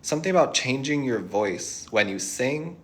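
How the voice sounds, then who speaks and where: A man's voice: medium pitch, lively intonation, normal speed. A young man giving a tarot reading to viewers, reassuring and thinking aloud as he channels messages. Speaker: tarot reader.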